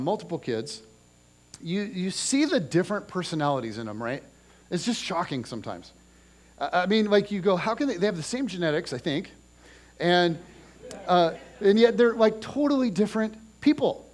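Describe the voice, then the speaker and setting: A man in his forties preaching a sermon in a church, talking in a loose, conversational way and telling family stories with lots of restarts. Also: sits high. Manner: conversational, animated storytelling with restarts. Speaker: pastor. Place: church auditorium.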